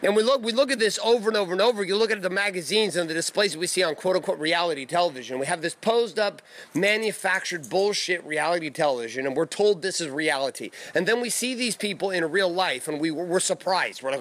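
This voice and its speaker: A man's voice: sits high, expressive, fast talker, fairly bright tone. A man in his thirties talking blunt and profane in a casual monologue, recorded in his backyard. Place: backyard outdoors.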